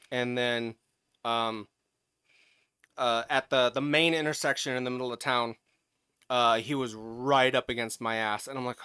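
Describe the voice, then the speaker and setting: A man co-hosting a podcast, telling a story in casual chat, animated and profane, getting loud as he retells it. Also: mid-range voice, clean tone, no room sound, studio quality. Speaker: podcast co-host.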